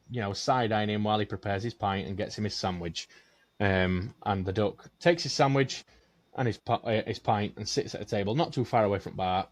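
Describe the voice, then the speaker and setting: A man telling a long-winded joke in casual podcast chat, swearing and rambling. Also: fairly low pitch.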